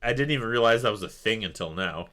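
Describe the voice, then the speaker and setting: Animated man co-host, bright edge, swings up and down, jokey and quick to laugh. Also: fairly low pitch. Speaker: podcast co-host. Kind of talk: casual chat reviewing a TV episode.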